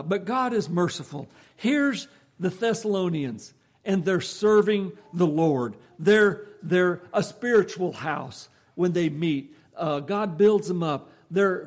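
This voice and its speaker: A man's voice: high voice, a little mellow. A man preaching a folksy, conversational sermon to his congregation.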